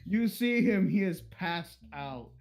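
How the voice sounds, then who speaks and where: A man's voice: sits high, animated, slow, soft background music. A man narrating as game master, crude and playful, slipping into characters' voices.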